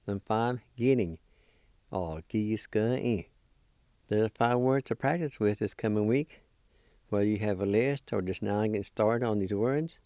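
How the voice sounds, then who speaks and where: A man teaches a language lesson, spelling words letter by letter and pronouncing them slowly and deliberately. His voice is low-ish and warm, captured at studio quality with no room sound.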